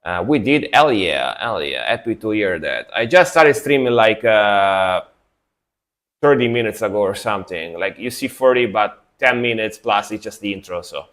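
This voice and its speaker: A young Italian man, voice on the low side with lively intonation and a fairly bright tone, chats at a moderate pace with his live-stream audience. Sleepy after a nap, he rambles in a relaxed way while reacting to music.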